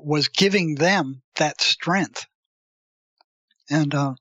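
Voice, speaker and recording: Animated storytelling man, close and dry. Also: a little high, no echo. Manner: animated storyteller acting out quotes, frequent restarts. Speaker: interview guest. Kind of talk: storytelling in casual interview.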